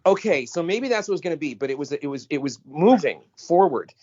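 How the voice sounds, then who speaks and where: Animated man on a lo-fi call. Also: fast talker. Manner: animated, jumps pitch when quoting people. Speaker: podcast co-host. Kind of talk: casual chat. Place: on a phone call.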